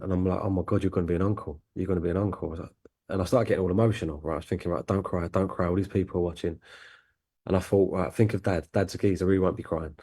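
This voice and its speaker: Deep-voiced, fast-talking man in his thirties. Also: darkish tone. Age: 30s. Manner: candid, chatty storytelling with frequent fillers and restarts. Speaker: guest speaker from a youth charity. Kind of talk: personal story told to an audience.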